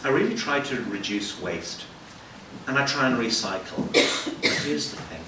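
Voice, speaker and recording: A man's voice: medium pitch, lively intonation, unhurried, heavy reverb, far from the mic, very noisy. A man with an Irish accent performing a self-mocking stand-up comedy set at a live venue. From Ireland. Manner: wry, self-mocking storytelling. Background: audience laughter.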